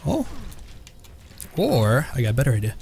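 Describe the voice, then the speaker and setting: A young man giving live, excitable and profane commentary while he plays a shooter game, trash-talking the enemy players. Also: medium pitch, normal speed, creaky, a little hiss or hum. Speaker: gameplay commentator.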